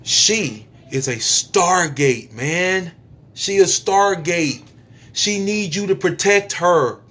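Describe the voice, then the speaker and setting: Slow, emphatic man preaching to camera. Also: high-pitched, lively intonation. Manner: emphatic, repetitive, drawn-out phrasing with sudden drops to soft. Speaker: YouTube speaker. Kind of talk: spiritual preaching monologue.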